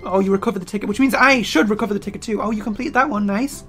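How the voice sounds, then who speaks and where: A woman giving excitable gameplay commentary as a let's player, full of sudden exclamations. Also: mid-range voice, very fast, faint music behind. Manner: excitable, frequent startled exclamations.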